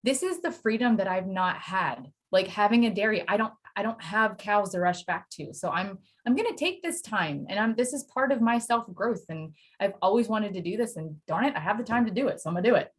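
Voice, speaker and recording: Animated woman telling stories as a guest. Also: medium pitch, brisk, hardly any pauses, slightly rough. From Pennsylvania, USA. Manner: animated storytelling with acted quotes and laughter. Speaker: podcast guest, Spanish teacher. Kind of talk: casual interview chat.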